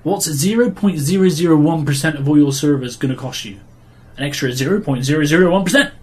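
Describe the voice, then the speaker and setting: An English man with a somewhat high voice co-hosts a casual gaming podcast. He talks bluntly and sarcastically, ranting opinions with dry jabs. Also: quick pace. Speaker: podcast co-host.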